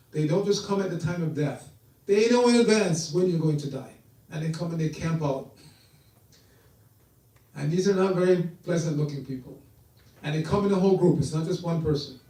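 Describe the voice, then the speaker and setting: A man's voice: a little high, mellow. A man giving a sermon, telling stories and acting out the voices he quotes. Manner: storytelling, acts out quoted voices. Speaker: preacher. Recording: echoey hall, voice from far off.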